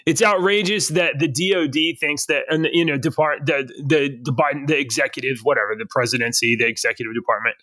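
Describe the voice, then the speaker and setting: A man's voice: on the high side, pushed and bright, no room sound. Indignant podcast co-host man. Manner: indignant, stumbling restarts. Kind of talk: casual podcast chat.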